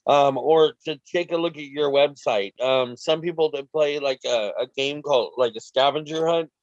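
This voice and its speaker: Man with hiccups giving relaxed advice. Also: a little high, normal speed, no echo, highs cut off. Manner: relaxed, rambling advice with restarts. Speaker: team leader. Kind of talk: casual coaching chat.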